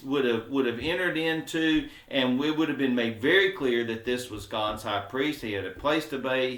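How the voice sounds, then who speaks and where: Man, Bible study teacher, mid-pitched voice, casual explaining, echoey church room. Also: fairly bright tone. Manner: informal, explains aloud with many fillers; acts out quoted speech with sarcasm. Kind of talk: conversational Bible lesson. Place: church classroom. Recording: roomy echo.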